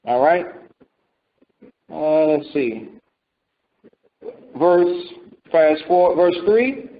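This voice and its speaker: A man's voice: on the high side, expressive, very slow, a little hiss or hum. A man giving a conversational Bible teaching, asking rhetorical questions and acting out what people say. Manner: rhetorical questions, acts out voices. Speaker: preacher. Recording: dull lo-fi recording.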